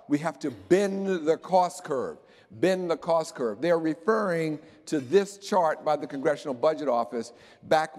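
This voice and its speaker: A man giving an animated, joking conference talk about slides to a live audience. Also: on the high side. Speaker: keynote speaker. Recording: long hall reverb.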